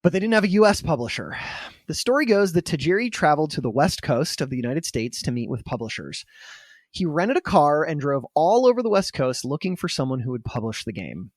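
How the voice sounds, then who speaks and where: Animated, lively-voiced male podcast storyteller. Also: fairly high pitch, a little fast, dry recording, studio quality. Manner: animated, swears casually, lots of "like" and "right?".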